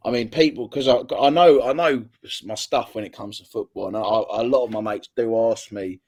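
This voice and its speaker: A man's voice: fairly low pitch, fairly quick, few pauses, a little mellow. Chatty man with swearing. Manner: chatty, repeats words, swears freely. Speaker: guest. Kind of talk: casual interview chat.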